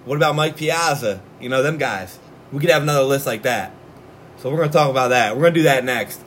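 A man's voice: mid-range voice, quick pace, a bit bright, slight background noise. A man co-hosting a casual sports podcast, loose and laughing, swearing freely. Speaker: podcast co-host.

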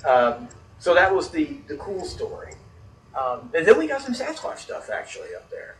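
A man chatting casually and telling a story with big swings in his voice, cursing and laughing. His voice is a little high for a man. He sits back from the microphone, so he sounds distant. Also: moderate pace, roomy sound, slight background noise. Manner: animated, swearing, laughing storyteller. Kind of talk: casual chat. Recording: voice distant from the mic.

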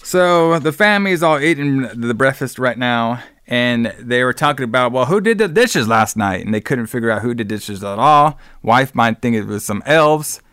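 A man in a casual podcast recap, talking through a movie scene by scene with a sarcastic edge and quick put-on character voices. His voice sits at an ordinary middle pitch, and the sound is close and dry with no room echo. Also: fairly bright tone, smooth. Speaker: podcast co-host.

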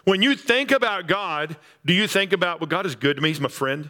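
A man's voice: high voice, animated, brisk, pushed and bright. A man preaching a sermon, emphatic and repetitive, building up on key phrases. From Texas Panhandle. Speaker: pastor.

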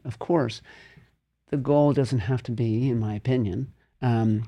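A man with a mellow, warm voice at a middle pitch hosts an interview. He speaks in a thoughtful, measured way and sums up the guest's points. He pauses to choose his words. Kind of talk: interview conversation.

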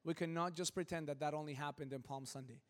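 A fairly high-voiced man preaching a lively sermon in a church, joking with his congregation and slipping into quick quoted voices. His voice rings with a long reverb through the hall. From Southern California. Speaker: pastor. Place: church sanctuary.

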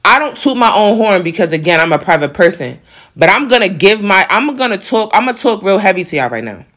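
A man with a New York accent speaks in a voice pitched a little high for a man. He hosts a podcast and talks straight to his listeners in a loose, passionate monologue, leaning on slang and repeating his points for emphasis. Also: very animated, fairly quick, a bit bright. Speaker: podcast host.

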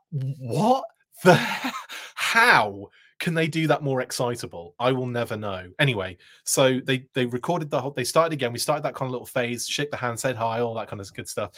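A man hosting a live show, telling a long, rambling anecdote with frequent laughs and restarts. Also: mid-range voice. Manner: rambling, animated, laughing often, many restarts. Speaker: host. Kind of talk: casual storytelling on a live show.

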